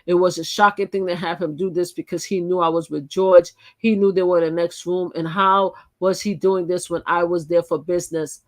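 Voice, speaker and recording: A woman's voice: on the low side, fairly even intonation, moderate pace, few pauses. Chatty woman host reading articles aloud. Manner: chatty, repeats and restarts phrases. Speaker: channel host.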